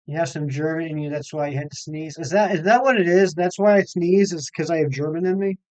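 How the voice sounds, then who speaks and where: A man's voice: fairly high pitch, quick pace, darkish tone, clean tone, no echo, lo-fi sound. A man streaming a game live, chatting casually and reading viewer comments aloud. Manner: chatty, reads chat aloud, self-deprecating. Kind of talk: live stream chat while gaming.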